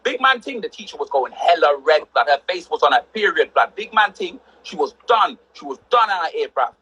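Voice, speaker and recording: A young man, telling animated stories on a livestream, full of street slang and acted-out quotes. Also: fairly high pitch, a little fast, breathy edge, low-quality recording. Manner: slang-heavy, excitable, acts out quotes. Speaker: livestream host.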